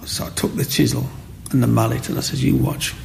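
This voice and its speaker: A man's voice: mid-range voice, brisk, creaky, a little hiss or hum. A middle-aged man, telling his life story in an interview and acting out the people in it. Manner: animated storyteller, acts out voices. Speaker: guest, micro-sculptor.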